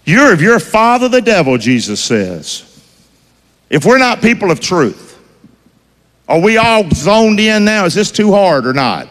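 A man with a high, bright-ish voice preaches a sermon at a measured pace, his pitch swinging widely in a big, echoing room. He works in call-and-response style, firing questions at the congregation and asking them to finish his lines.

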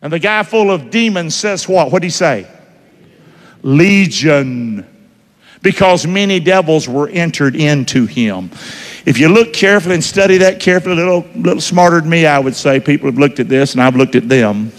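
Lively preacher in a reverberant hall. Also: male voice, fairly high pitch, normal speed. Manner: lively, conversational preaching with call-and-response questions. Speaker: pastor. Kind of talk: sermon. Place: church.

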